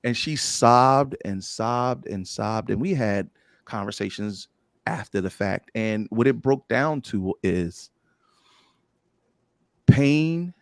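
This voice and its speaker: Animated man telling candid stories. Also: lowish voice, takes it slowly, gravelly, no room sound, clean studio sound. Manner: animated storyteller, playful and bold. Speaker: podcast guest. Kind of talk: candid casual chat.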